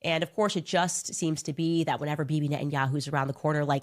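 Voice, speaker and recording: A woman with a somewhat low voice talks casually, telling personal stories. She acts out the voices of the people she quotes as she goes. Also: expressive, quick pace, hardly any pauses. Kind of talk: casual storytelling.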